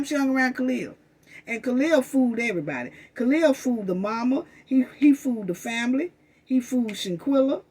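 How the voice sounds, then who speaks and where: A woman's voice: fairly high pitch, expressive, moderate pace, darkish tone, breathy edge. A woman delivering an impassioned commentary rant, emphatic and accusatory, hammering the same phrases over and over. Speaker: commentary vlogger.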